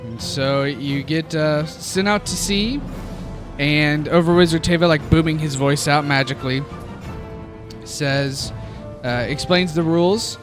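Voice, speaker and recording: Casual male game master with a slightly high voice, chuckling through his narration, music underneath. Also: measured pace. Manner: casual, laughing often, relaxed narration. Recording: background music.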